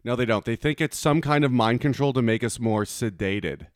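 A man's voice: mid-range voice, normal speed, dry recording, studio quality. A man co-hosting a podcast in casual chat, blunt and exasperated, swearing often. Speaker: podcast co-host.

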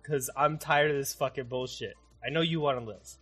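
A man's voice: medium pitch, a little fast, fairly bright tone, husky, soft background music. A man voicing a brash, stubborn young male pirate captain who talks bluntly and profanely. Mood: fierce.

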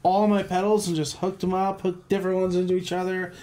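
A man telling an excited, profane story about music gear in a casual podcast chat. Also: sits high, quick pace.

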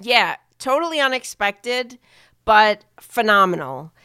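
Woman podcast co-host, casual and relaxed, clear voice. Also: medium pitch, slow pace, no echo, studio quality. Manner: relaxed, thanks listeners, hesitant fillers.

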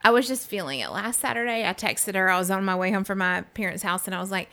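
Speaking quickly at a medium pitch, this podcast co-host trades casual stories and performs the characters in them. Her delivery is lively, full of laughter and impressions.

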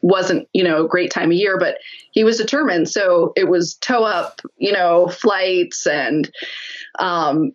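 A woman guest telling a lively story in a casual interview, laughing often as she talks. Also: fairly low pitch, unhurried, highs cut off.

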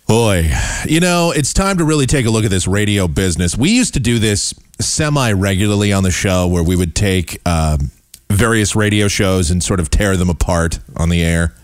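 Animated low-voiced man ranting. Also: moderate pace, dry recording, clean studio sound. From United States. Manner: scornful, animated, mocks voices he dislikes. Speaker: podcast host and broadcaster. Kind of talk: ranting commentary.

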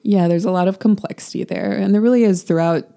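A woman's voice: mid-range voice, fast talker, creaky, dark tone. A woman co-hosting a podcast, chatting casually about a novel with many "um"s and "like"s. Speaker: podcast co-host. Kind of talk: casual book discussion.

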